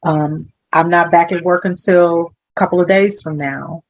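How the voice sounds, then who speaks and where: A woman hospital social worker is a guest in a conversational interview, explaining things in a measured way with some fillers. Her voice is on the low side with fairly even intonation, and the sound is lo-fi.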